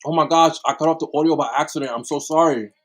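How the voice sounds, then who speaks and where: A man's voice: fairly high pitch, fairly even intonation, fast, a bit bright, rough recording. A young man co-hosting a casual livestream chat, rambling and apologetic, laughing often. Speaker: livestream co-host.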